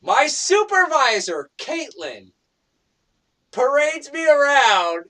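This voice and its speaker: High, animated man telling a profane story. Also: moderate pace, far from the mic. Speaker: round table panelist. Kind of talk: casual panel chat, storytelling.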